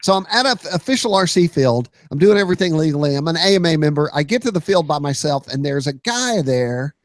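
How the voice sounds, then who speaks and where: A man, hosting a podcast and telling a story with lots of energy, shouting out sound effects and quoted lines. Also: a little high, expressive, fast. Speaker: podcast host.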